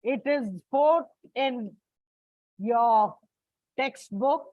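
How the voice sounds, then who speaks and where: A slightly high woman's voice, with no room sound in a dull, dry, lo-fi recording. She lectures a class on English stress rules, going step by step in a slow, deliberate manner and referring to her students as children.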